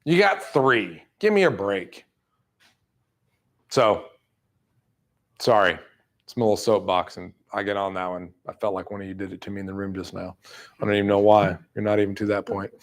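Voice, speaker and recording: A man giving a motivational sales talk to a room, blunt and fired up, acting out people's excuses in quick asides. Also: lowish voice, steady tone. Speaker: roofing sales trainer. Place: room with an audience.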